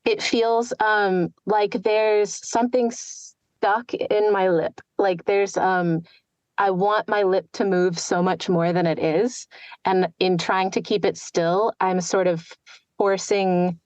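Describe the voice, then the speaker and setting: A woman's voice: medium pitch, steady tone, slow, darkish tone, no room sound, dull audio. A woman student practicing an accent, tentative and reflective as she describes how it feels.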